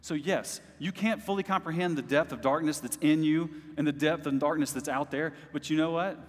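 Man preaching in a reverberant hall. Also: medium pitch. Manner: impassioned preaching, rising to bursts, with laughs; talks directly to the congregation as "y'all". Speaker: pastor. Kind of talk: sermon. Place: church service.

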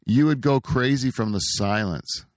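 A man's voice: mid-range voice, measured pace, dry recording, clean studio sound. A middle-aged man hosting a casual chat, telling stories with exaggerated disgust. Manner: animated storyteller, exaggerates with disgust.

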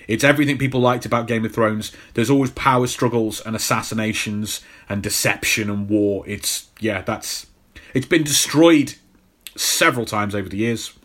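A man's voice: lowish voice, moderate pace, a bit bright. A man co-hosting a podcast, talking casually about a film with jokes and plenty of restarts. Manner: rambling, jokey, many restarts. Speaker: podcast co-host.

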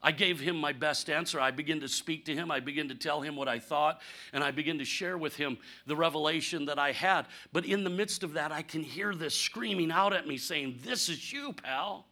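A man preaching a conversational sermon, candid and humorous, asking rhetorical questions and swinging from punchy lines to near-quiet asides. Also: a little high, fairly quick. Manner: animated, rhetorical questions, sudden drops to quiet; candid, self-deprecating humor. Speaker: pastor.

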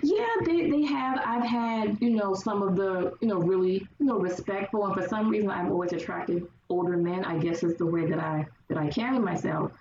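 A woman guest in casual conversation, telling her stories lively and acting out the people she quotes. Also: medium pitch, normal speed, hardly any pauses. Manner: animated storyteller acting out quoted voices. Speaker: podcast guest. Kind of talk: casual chat. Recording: roomy, distant, dull sound with faint hiss.

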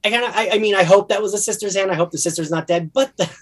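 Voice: medium pitch, rapid-fire. A podcast co-host with a New Jersey accent, rambling in casual chat about a TV series with many fillers and restarts.

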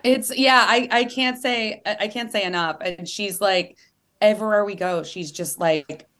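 Woman author, lower voice, earnest, animated, acts out quotes. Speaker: author and guest. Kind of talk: candid interview conversation.

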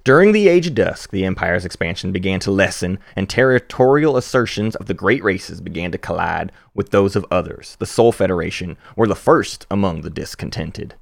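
A man putting on an American Southern accent to voice a male spokesman of a rebel human federation, reading game lore aloud in a measured storytelling delivery. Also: low-pitched, lively intonation, vocal fry, no room sound, clean studio sound. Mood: grandiose.

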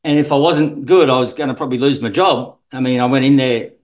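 A man talks casually about coaching in a mid-pitched voice. His speech rambles, full of restarts and fillers. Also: fast talker, rough recording. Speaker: swim coach guest. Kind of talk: casual podcast chat.

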